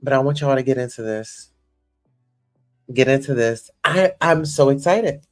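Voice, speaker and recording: A woman's voice: low voice, a little slow, faint music behind. A young woman hosting a casual livestream chat, effusive and gushing, full of "you know" and "listen here.". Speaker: host.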